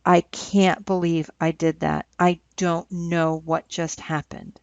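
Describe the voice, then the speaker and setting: A woman voicing a volatile young man who shouts in rage and later stammers tearfully. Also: on the low side, little pitch movement, slow, vocal fry, no room sound. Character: volatile young man, angry then pleading. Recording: dull lo-fi recording.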